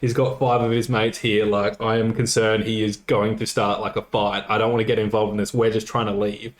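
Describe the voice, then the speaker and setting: A man's voice: on the low side, flat delivery, a little fast. A man co-hosting a podcast, telling a nightlife story casually with swearing and quoted dialogue. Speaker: podcast co-host. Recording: roomy echo.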